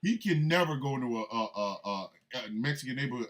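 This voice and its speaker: Animated man doing comedic political commentary. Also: medium pitch, fast. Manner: animated, emphatic, mocking. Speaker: host.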